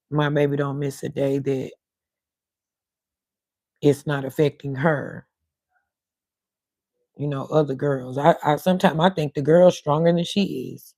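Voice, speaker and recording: Mellow-voiced woman streaming. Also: low-pitched, no echo. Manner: rambling, talks to viewers in chat. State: voice cutting in and out. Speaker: livestream host. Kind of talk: casual livestream chat.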